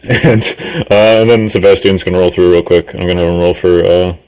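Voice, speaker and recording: A man's voice: low voice, fairly even intonation, brisk, a little mellow, clean tone, low-quality recording. A man running a tabletop game as game master, laughing often and voicing the other characters as he narrates. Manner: laughs often, many ums and uhs, puts on characters' voices.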